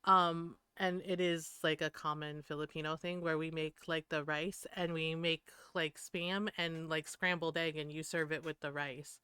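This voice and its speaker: A woman's voice: deep voice, little pitch movement, moderate pace, hardly any pauses, bright, forceful tone, clean tone, dry recording. A woman in her fifties streaming a game, chatting and telling stories with frequent laughs and lots of "like". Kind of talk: casual chat while gaming.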